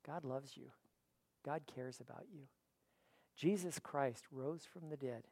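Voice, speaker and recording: A man preaching a sermon in an auditorium, building to loud declarations and dropping to quiet appeals, sometimes repeating words as he goes. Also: medium pitch, unhurried, vocal fry. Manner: preaching with rising and falling intensity, repeats words. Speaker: pastor.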